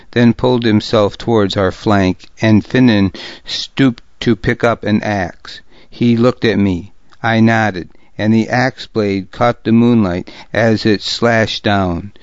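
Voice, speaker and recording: A man narrating a historical novel in the first person, with a deliberate, gravely serious reading. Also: on the low side, no room sound, lo-fi sound. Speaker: audiobook narrator.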